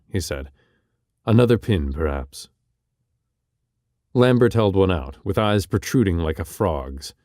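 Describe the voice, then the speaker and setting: A man narrating an audiobook in a measured, expressive literary reading style. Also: on the low side, no room sound, clean studio sound.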